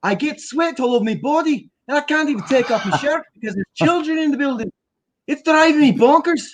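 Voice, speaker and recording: A man's voice: extremely high pitch, expressive, fairly quick, a little hiss or hum, pitched above the performer's own voice, low-quality recording. A man putting on a Scottish accent to voice a sweaty, grumbling school janitor who rambles through his complaints.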